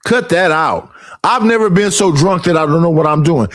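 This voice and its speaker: A man's voice: fairly high pitch, animated, normal speed, dry recording, clean studio sound. A man in his fifties, a streamer, ranting heatedly and profanely, repeating himself for emphasis. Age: 50s. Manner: profane, emphatic and repetitive, mimicking others.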